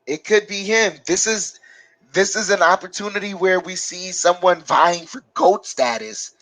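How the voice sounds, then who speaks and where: Higher-voiced man, dry and close. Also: a bit bright, no echo, poor audio. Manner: rambling, halting with many fillers. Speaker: co-host. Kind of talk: casual live-stream sports chat.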